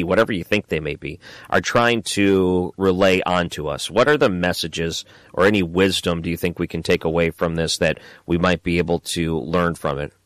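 A man hosting a late-night radio talk show, asking his guest measured, thoughtful questions. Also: low voice, fairly bright tone, no echo.

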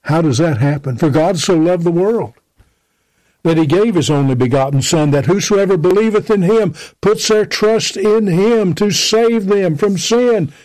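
A man's voice: high-pitched, a little mellow, dry recording, low-quality recording. A man preaching a sermon, emphatically quoting and explaining scripture.

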